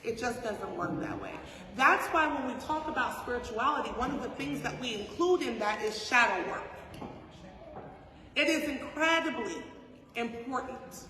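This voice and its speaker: A woman teaching a class as a spiritual teacher, talking conversationally with rhetorical questions and "right?" checks. She swings between soft asides and loud emphasis. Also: a little high, animated, normal speed. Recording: echoey hall from far off.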